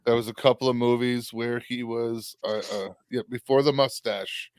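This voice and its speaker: A man in a casual podcast chat, halting and searching for his words. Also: mid-range voice, fairly even intonation, a little mellow, smooth, no room sound.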